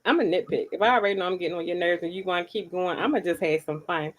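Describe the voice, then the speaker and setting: A woman's voice: on the low side, racing. Laughing woman reading comments aloud. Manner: reads viewer comments aloud, laughing often. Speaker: co-host. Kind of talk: casual chat.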